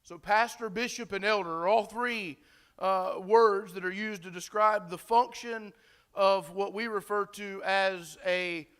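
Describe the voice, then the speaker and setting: High-voiced man preaching conversationally. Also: fairly even intonation, measured pace, fairly bright tone, clean tone. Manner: conversational preaching, many fillers and restarts, asks the congregation questions. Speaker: pastor. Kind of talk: sermon.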